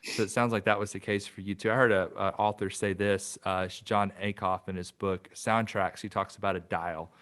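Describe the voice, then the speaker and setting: A man's voice: fairly low pitch, fairly even intonation, fairly quick, hardly any pauses, a bit bright, clear, resonant tone. A man hosting a podcast interview, reflective and casual, with hesitant fillers. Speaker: podcast host.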